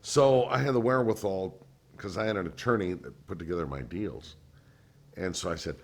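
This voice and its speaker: A man's voice: sits low, normal speed. An older man, a former radio DJ, telling stories in an oral history interview and acting out the voices of people he quotes. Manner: animated storyteller who acts out others' voices.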